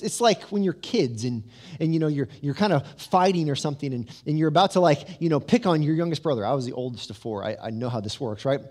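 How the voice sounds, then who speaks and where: A man preaching a sermon as pastor, telling the story with lively asides and humor, then dropping to a soft, low voice for weight. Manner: drops to a soft, low voice for emphasis.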